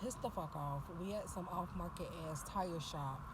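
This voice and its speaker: A woman's voice: on the low side, normal speed, very noisy. A woman vlogging casually and venting her frustration with lots of swearing. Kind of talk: casual vlog check-in. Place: tire shop, then hotel.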